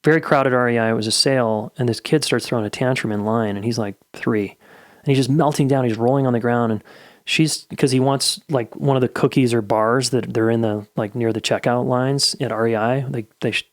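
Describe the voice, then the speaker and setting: A man's voice: mid-range voice, dry recording, studio quality. A middle-aged man hosting a podcast, giving candid, blunt advice in a casual solo monologue and swearing freely. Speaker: podcast host.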